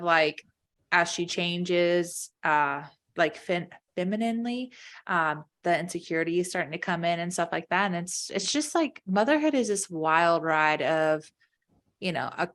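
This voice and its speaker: Rambling mom with a lower voice. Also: female voice, normal speed, a bit bright. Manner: rambling, heavy use of "like". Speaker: podcast co-host. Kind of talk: casual chat.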